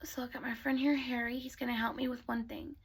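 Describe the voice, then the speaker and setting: A woman telling bedtime stories to children in a soft voice that often drops to a whisper. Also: on the high side, flat delivery, fast, creaky, husky. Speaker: storyteller. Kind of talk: bedtime storytelling.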